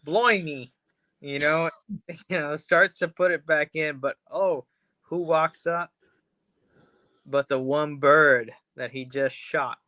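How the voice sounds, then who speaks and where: A man with a bright, forward tone co-hosts a casual podcast. He rambles through a plot recap, swearing freely and slipping into the characters' lines. The sound is dry and close. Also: on the high side, steady tone, slow pace, no echo. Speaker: podcast co-host. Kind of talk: casual chat, retelling a film episode.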